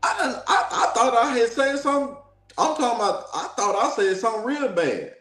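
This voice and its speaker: A man from Dallas, a talk show guest telling a story in an animated, preachy way. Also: very high-pitched, normal speed, roomy sound, soft background music. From Dallas, Texas. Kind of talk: casual storytelling.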